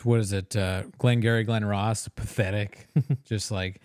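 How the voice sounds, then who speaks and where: A man's voice: lowish voice, steady tone, moderate pace, a little mellow, clean tone, no room sound, studio quality. A man co-hosting a casual livestream, joking crudely and laughing often as he reacts to clips.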